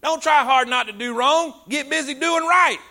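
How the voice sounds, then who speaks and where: A preacher delivering a sermon, his voice high and ringing with a bright, sharp edge. He calls on the congregation to repeat after him, pushing hard on key words and then dropping low and soft. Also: moderate pace. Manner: exhorting congregation, call and response; rises and drops in volume for emphasis. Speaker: pastor.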